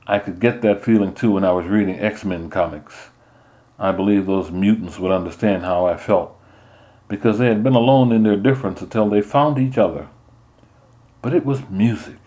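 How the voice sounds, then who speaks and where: Man, deep voice, audiobook narration, measured storytelling. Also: warm tone. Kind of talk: scripted first-person narration.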